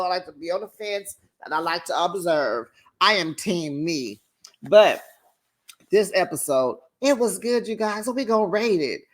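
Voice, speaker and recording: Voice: medium pitch, fairly bright tone. A reality TV recap host giving casual, sassy commentary and calling listeners honey and child.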